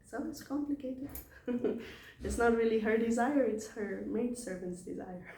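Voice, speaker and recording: A woman's voice: a little high, normal speed, warm tone, reverberant, a little hiss or hum. A woman casually retelling scripture stories in a chatty way, laughing often. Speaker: devotee telling scripture stories. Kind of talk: casual storytelling talk.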